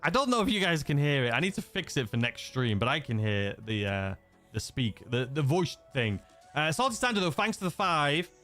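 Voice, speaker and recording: A man's voice: medium pitch, sing-song, normal speed, a bit bright, faint music behind. A young man from England with a mixed, slightly Scouse-leaning accent, chatting casually as a gaming livestream host, rambling with many fillers and restarts. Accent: mixed English, slightly Scouse-leaning. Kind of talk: casual livestream chat reading viewer messages.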